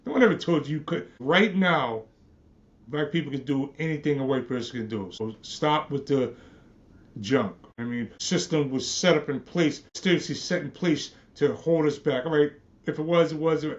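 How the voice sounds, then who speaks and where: A man with a slightly high voice rants scornfully on his podcast, swearing and repeating himself. The sound is dull and lo-fi. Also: normal speed. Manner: profane, repetitive, scornful ranting. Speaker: podcast host. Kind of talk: ranting monologue.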